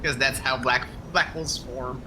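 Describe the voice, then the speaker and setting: A man's voice: medium pitch, fairly even intonation, normal speed, background noise. A man playing a co-op game with friends, making teasing jokes in voice chat. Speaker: co-op player. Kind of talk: casual gaming chat.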